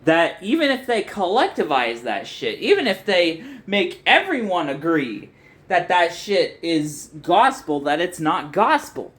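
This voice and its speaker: A young adult video essayist delivers a frustrated, profanity-laced rant that rambles and restarts often. The voice sits at a middle pitch. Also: big pitch swings, measured pace, a bit bright. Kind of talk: ranting commentary.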